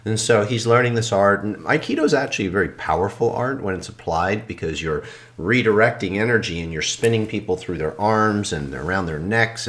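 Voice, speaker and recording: Man, very deep voice, calm reflective storyteller, casual podcast chat. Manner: calm, reflective storytelling, often dropping soft and low. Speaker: podcast co-host.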